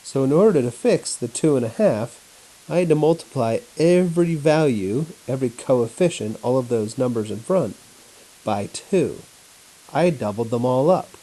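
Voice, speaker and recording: A male teacher walking through a chemistry lesson at home on his laptop, in a flat, announcer-like voice. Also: medium pitch, moderate pace, poor audio. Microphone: laptop mic.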